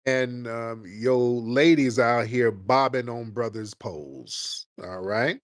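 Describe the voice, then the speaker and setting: A man's voice: medium pitch, no room sound. Male host, combative and mocking, dry close sound, mid-range voice. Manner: combative, mocking, rapid-fire insults. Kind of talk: live call-in stream debate.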